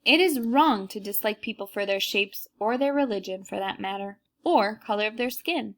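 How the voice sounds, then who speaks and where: A woman reading aloud and voicing a firm but kind mother who gently scolds. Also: mid-range voice, normal speed, close to an everyday voice.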